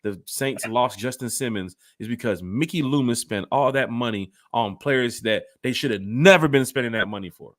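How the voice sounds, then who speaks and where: With a medium pitch and moderate pace, a man barely pauses as he hosts a sports fan podcast. His casual talk is animated and rambling, aimed squarely at his co-host.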